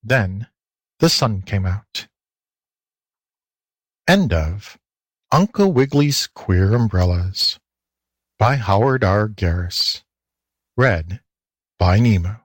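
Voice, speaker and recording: Slow, lively male storybook reader. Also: fairly low pitch, slightly rough, no room sound. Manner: slow, lively, animated reading. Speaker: audiobook reader. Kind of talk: storybook narration with character voices.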